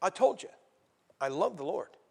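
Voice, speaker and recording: Man, evangelist, high voice, sermon testimony, conversational, emotional. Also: big pitch swings, moderate pace, creaky, a little mellow, slightly rough. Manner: conversational storytelling, emotional and direct.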